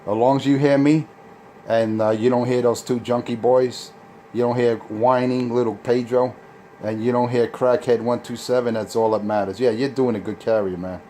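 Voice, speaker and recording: A man's voice: mid-range voice, fairly even intonation, moderate pace, mellow, slight background noise. A man on CB radio, taunting and insulting rival operators in a boastful, crude way. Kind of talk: trash talk over CB radio.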